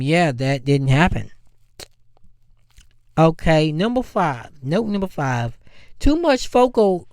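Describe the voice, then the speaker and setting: Smooth-voiced rambling podcast reviewer. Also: medium pitch, no room sound. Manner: rambling, with many restarts and repeated phrases; exasperated, incredulous complaining. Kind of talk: casual unscripted review.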